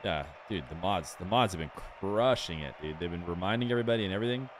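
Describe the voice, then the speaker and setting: A young man streaming a game and chatting casually with his viewers in a relaxed, rambling way. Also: low voice, fast, slight background noise. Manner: relaxed, rambling, talks straight to chat. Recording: music playing clearly behind the voice.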